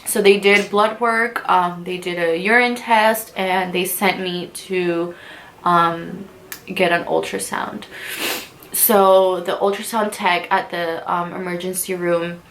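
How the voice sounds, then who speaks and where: A woman's voice: on the low side, steady tone, takes it slowly, fairly bright tone, slight background noise. A young woman in her twenties telling her own story in a vlog, her voice catching as she talks through tears, with many fillers. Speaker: vlogger. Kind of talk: emotional personal storytelling.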